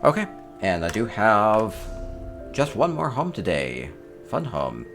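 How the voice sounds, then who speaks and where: Deep-voiced man in chatty game commentary. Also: wildly swooping pitch, slow, gravelly, fairly bright tone, faint music behind. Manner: chatty, upbeat, thinks aloud with small chuckles. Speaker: host touring player homes in a game. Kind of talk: casual gameplay commentary.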